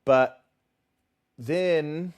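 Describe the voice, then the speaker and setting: A man co-hosting a casual book discussion podcast, animated and emphatic, often repeating words when he gets worked up. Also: on the high side, very slow, smooth. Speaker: podcast co-host.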